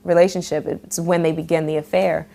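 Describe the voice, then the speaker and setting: A woman's voice: deep voice, little pitch movement, a little fast, vocal fry, dark tone, slight background noise. Laughing young woman telling a story. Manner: laughing storyteller, acts out quotes. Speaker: actor being interviewed. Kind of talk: casual interview chat.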